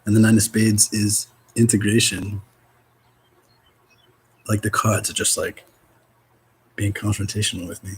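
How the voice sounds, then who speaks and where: A man's voice: lowish voice, flat delivery, measured pace, pauses often, slightly rough, poor audio. Rambling, swearing man reading cards. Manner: rambling, swears, laughs, swings from loud to soft. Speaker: spiritual card reader. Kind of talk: casual spiritual vlog, reading oracle cards.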